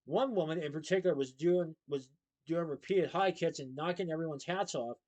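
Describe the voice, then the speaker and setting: Somewhat high-voiced man reading a story. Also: brisk, darkish tone, rough recording. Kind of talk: reading a children's novel aloud.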